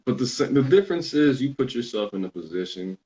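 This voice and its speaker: A man's voice: medium pitch, animated, brisk, mellow, dull audio. A young man hosting a casual podcast chat, telling loose stories with plenty of swearing and mimicking other people's lines. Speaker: podcast host.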